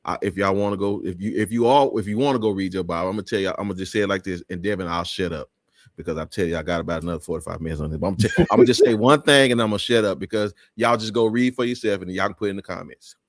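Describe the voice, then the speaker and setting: A man's voice: deep voice, rapid-fire, no room sound, clean studio sound. A man hosting a live talk show, speaking in an emphatic, preachy way with many restarts.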